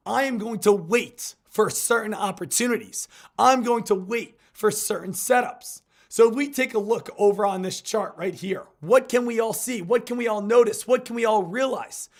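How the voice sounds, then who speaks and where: A hoarse man, getting over an illness, giving hyped, repetitive live market commentary as a stock trading streamer. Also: high voice, normal speed, hardly any pauses.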